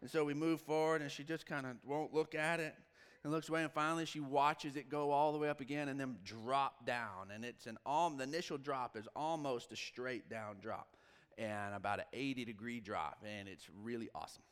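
A man preaching a sermon, voice pitched a touch high and carried by the long reverb of a large church hall. He tells his story with animated quoted dialogue and sudden drops to a near whisper. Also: normal speed, smooth. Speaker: pastor. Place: church sanctuary.

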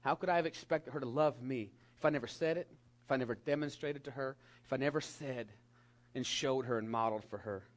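A middle-aged man preaching a sermon to young people, animated and emphatic, dropping at times to a soft whisper. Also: medium pitch, brisk. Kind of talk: sermon to a youth congregation.

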